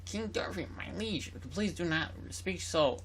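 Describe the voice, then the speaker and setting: A man voicing a fussy, indignant fish advisor in a video game, raising his voice high and drawing out the words primly. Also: expressive, measured pace, fairly bright tone, a little hiss or hum, heavily acted. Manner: high, prim, drawn out.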